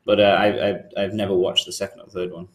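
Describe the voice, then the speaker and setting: Low-voiced man in a roomy space. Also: little pitch movement, fast talker. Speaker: podcast co-host. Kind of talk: casual chat. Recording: roomy sound with faint music behind.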